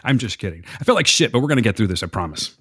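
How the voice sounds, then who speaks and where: A man hosting a casual podcast, sick with a rough voice, joking and rambling at himself. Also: lowish voice, sing-song, very fast, sharp tone, dry recording, studio quality. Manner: jokey, self-mocking, rambling. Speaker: podcast host.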